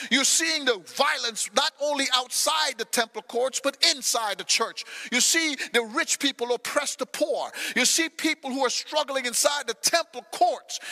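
A male pastor preaching a sermon with passion, swinging between loud shouted cries and quiet low asides. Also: long reverb tail. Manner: impassioned preaching, shouts scripture lines. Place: church sanctuary.

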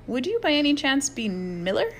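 A woman's voice: sits high, very animated, normal speed, a little hiss or hum, pitched above the performer's own voice. Male crafts counselor, polite, doubtful, woman voicing, audiobook. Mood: dubious.

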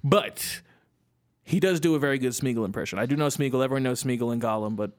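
Fast-talking young man, excitable. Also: medium pitch. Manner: quick, excitable, eggs his co-host on. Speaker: podcast co-host. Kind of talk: casual podcast chat.

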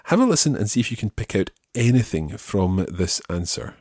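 A man hosting a language lesson, repeating model phrases slowly and explaining them patiently. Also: lowish voice, big pitch swings, darkish tone, breathy edge, no room sound, studio quality. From Scotland. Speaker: language teacher and podcast host.

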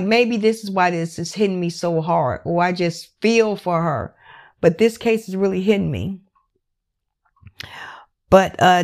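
A woman recapping a true crime case in a casual, emotional and candid way, swearing freely and leaning on "like" as she talks. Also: lowish voice. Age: adult parent. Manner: emotional, candid and profane, with many "like" fillers.

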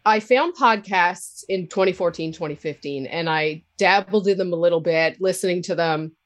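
A woman with a Cape Breton accent, a podcaster talking candidly as an interview guest, with a loud laugh. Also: on the low side, normal speed. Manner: candid, laughs loudly, swears freely. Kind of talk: casual interview talk.

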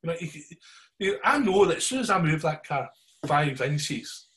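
A man's voice: on the high side, moderate pace. Glaswegian man spinning a yarn. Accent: Glaswegian Scottish. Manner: animated yarn-spinning, keeps checking in with listeners. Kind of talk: casual storytelling chat.

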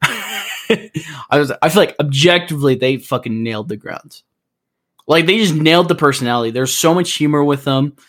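A man's voice: fairly high pitch, lively intonation, moderate pace, a bit bright. A man co-hosting a casual gaming podcast, talking in an easygoing, joking way. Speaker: podcast co-host. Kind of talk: casual chat.

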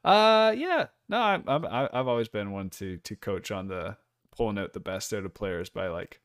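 A man co-hosting a casual sports podcast, blunt and animated, laughing often. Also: lowish voice, normal speed. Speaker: podcast co-host.

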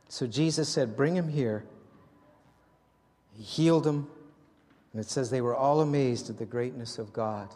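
A man preaching a sermon as pastor, animated and swinging from loud appeals to hushed prayer, often restarting and repeating his words. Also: mid-range voice, a little slow, long pauses, in a large hall.

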